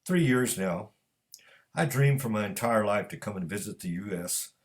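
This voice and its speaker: Story reading: a man doing a calm Nigerian cook, clipped and precise, low voice. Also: moderate pace, natural voice. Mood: recounting.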